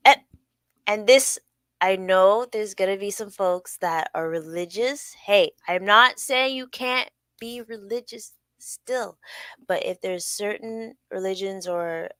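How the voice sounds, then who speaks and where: A woman's voice: medium pitch, takes it slowly, a bit bright, dry recording. A woman hosting a casual solo podcast, chatty and loose, often laughing and adding playful sound effects. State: sore from working out. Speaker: podcast host.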